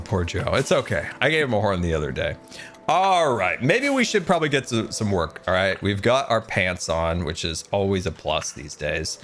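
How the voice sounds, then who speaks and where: A man's voice: lowish voice, big pitch swings, normal speed, fairly bright tone. A man streaming a game, chatting casually and rambling, self-deprecating, with many fillers. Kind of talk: casual game livestream chat. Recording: music playing behind the voice.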